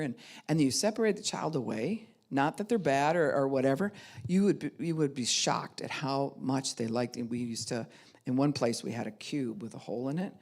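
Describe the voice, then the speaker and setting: A woman's voice: very deep voice, lively intonation, moderate pace, darkish tone. A middle-aged woman pastor giving a conversational teaching talk, speaking candidly and frankly and acting out the voices of people she quotes.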